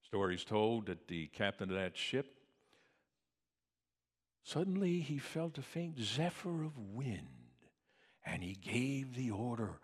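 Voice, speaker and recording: Male preacher, unhurried delivery, hushed lows and booming highs, reverberant church hall. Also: very animated, breathy edge. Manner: dramatic swings from hushed to booming. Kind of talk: sermon.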